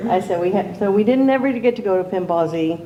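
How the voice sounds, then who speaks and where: A woman's voice: medium pitch, lively intonation, quick pace, reverberant, highs cut off, slight background noise. A woman telling a casual story as an aunt speaking at a memorial gathering. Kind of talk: informal memorial tribute.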